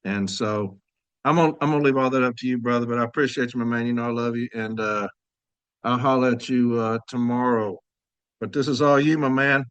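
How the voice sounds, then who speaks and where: A man's voice: medium pitch, fairly even intonation, brisk, a bit bright, clean tone, no room sound, muffled recording. A man hosting a podcast in a casual, chatty way, telling stories to his listeners and laughing easily. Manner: laid-back, laughing storyteller, addresses audience as y'all. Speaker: podcast host. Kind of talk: casual chat.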